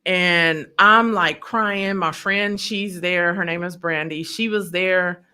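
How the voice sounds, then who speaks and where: A woman's voice: fairly low pitch, steady tone, slow pace, sharp tone, clear, resonant tone. A woman telling a personal story in an emotional, vivid way, acting out what people said. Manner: vivid storyteller who acts out quotes. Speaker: podcast guest telling her story.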